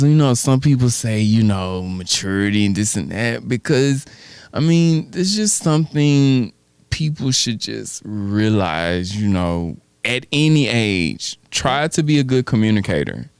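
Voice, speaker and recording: Podcast co-host, male, casual storyteller who acts out the lines he quotes, mid-range pitch. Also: expressive, slow pace, darkish tone, clear, resonant tone, no echo. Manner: storytelling, acting out quoted dialogue. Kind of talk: casual chat.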